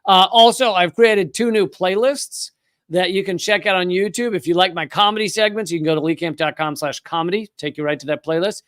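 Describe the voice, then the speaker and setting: A man's voice: high-pitched, steady tone, brisk, fairly bright tone, no room sound, studio quality. A man from Richmond, Virginia with a slight Virginia twang, hosting a casual livestream, loose and conversational with blunt profanity. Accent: Southern American, Virginia. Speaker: show host.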